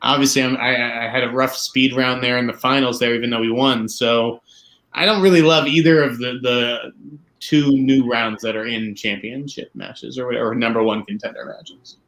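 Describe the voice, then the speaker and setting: Man, from Boston, guest, casual interview, relaxed, hesitant, mid pitch. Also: normal speed. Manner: laid-back, modest, a little hesitant.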